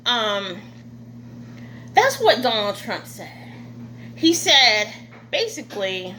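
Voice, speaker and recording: A woman vlogger talking through an indignant monologue, halting often with fillers. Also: on the high side, pushed and bright, a little hiss or hum. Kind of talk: casual opinion monologue.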